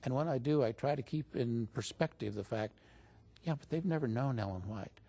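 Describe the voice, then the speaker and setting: Appearing as an interview guest, a man tells stories in a relaxed way at normal speed, his medium-pitched voice having a dark tone. When he quotes others, his voice lifts.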